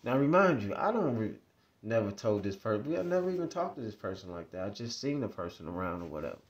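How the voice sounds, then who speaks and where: A man's voice: lowish voice, sing-song, quick pace. Man rambling through a casual story. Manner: rambling, repetitive, conversational. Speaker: vlogger.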